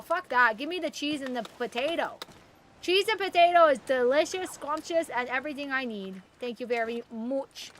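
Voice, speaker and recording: A high, bright-voiced young woman chats her way through a game stream. She rambles casually and thanks viewers by name as she reads chat. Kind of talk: casual live-stream chat while gaming.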